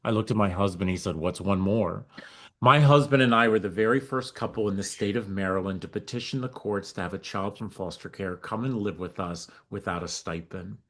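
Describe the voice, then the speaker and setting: Lower-voiced man telling a story. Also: fairly quick. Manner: animated storyteller acting out quoted dialogue. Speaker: guest, nonprofit founder. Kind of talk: storytelling in a podcast interview.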